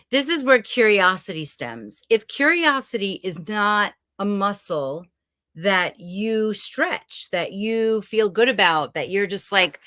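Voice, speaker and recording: A woman's voice: mid-range voice, dry recording, clean studio sound. A middle-aged woman from Brooklyn, chatting casually and rambling a little as she hosts a motivational challenge from a room at home. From Brooklyn, New York. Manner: chatty, animated, rambling with asides. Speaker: host of a self-help challenge series. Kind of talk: casual motivational talk to camera.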